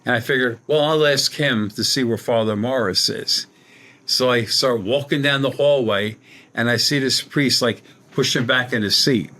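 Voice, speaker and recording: Brief: middle-aged male medium guest, colloquial rambling storyteller, mid-pitched. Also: moderate pace, pushed and bright. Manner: rambling, colloquial, acts out quoted dialogue. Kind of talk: conversational storytelling.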